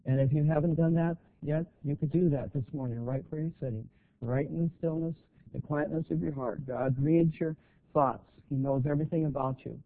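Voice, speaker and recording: Older man, preacher, earnest sermon, a bit high-pitched, tinny phone-like audio. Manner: earnest, plain-spoken, with halting restarts.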